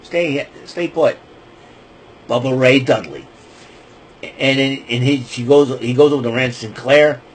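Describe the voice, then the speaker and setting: A podcast host with a medium-pitched voice and a moderate pace loosely retells wrestling events, rambling with lots of fillers and restarts. The low-quality recording has a little hiss or hum.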